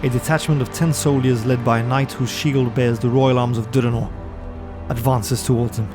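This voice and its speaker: A man's voice: medium pitch, steady tone, moderate pace, over music. A man co-hosting a podcast, narrating a gamebook adventure in a storytelling manner. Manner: storytelling, light laughs between sections. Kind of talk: narrating a gamebook play-through.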